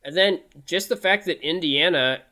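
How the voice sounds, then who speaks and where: Male sports podcast host, bright and punchy tone, casual and chatty. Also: sits high, moderate pace. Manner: conversational, upbeat, thinks aloud with restarts.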